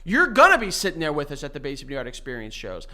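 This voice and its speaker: A man co-hosting a podcast in casual, joking, excitable chat. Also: a little high, fast. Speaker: podcast co-host.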